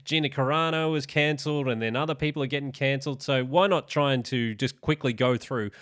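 An easygoing man co-hosting a podcast, introducing topics with plenty of ums and uhs. His voice is mid-pitched. The recording is dry and close to the mic. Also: steady tone, brisk, a bit bright, no echo. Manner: easygoing, sets up topics with fillers. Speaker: podcast co-host. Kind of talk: casual opinion chat.

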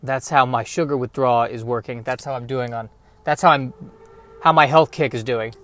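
A man's voice: mid-range voice, fairly even intonation, normal speed, fairly bright tone. A man in his thirties hosting a podcast, rambling through a self-deprecating comedic monologue. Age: 30s. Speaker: podcast host.

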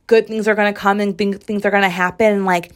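A young woman talks through her week on a solo podcast. Her talk is loose, chatty and sassy, full of "like" fillers and mock exasperation. The pitch sits in a middle range for a woman. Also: flat delivery, fast. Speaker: podcast host. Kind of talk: casual solo podcast chat.

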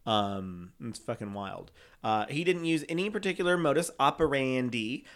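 A man's voice: mid-range voice, expressive, moderate pace, clean tone. A man co-hosting a casual true-crime podcast, rambling through the story and swearing freely. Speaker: podcast co-host.

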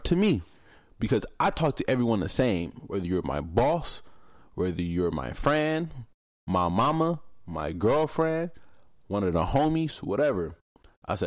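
On his casual solo podcast, a young man speaks in a mid-range voice at a measured pace, leaving long pauses. His storytelling is blunt and animated, full of free cursing and impressions of others' voices, and the studio-quality audio has no room sound.

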